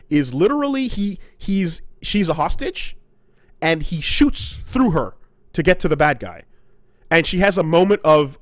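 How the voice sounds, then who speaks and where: A man co-hosting a casual podcast, ranting with profanity and jumping into quick high-pitched impressions of characters. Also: no echo. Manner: animated, profane, acts out character quotes in sudden high voices. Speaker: podcast co-host.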